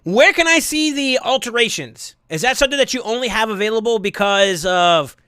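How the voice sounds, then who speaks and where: A man on a live stream chats casually and thanks his viewers, getting excitable and breaking into sudden yells that leave his voice hoarse. He has a high voice and talks fairly quickly, recorded with clean studio sound and no echo.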